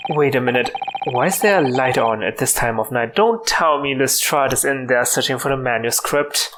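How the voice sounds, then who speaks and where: A woman hosting a let's play, reading the game's dialogue and narration aloud with an expressive, dramatic delivery. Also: a bass voice, normal speed, a little hiss or hum. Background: video game music.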